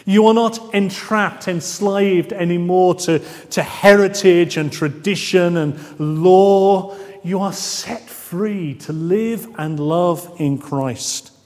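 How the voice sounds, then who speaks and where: A man with a fairly high voice preaches a sermon at a slow, deliberate pace. He draws out his key phrases for emphasis. His words ring with the long reverb of a large church. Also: darkish tone.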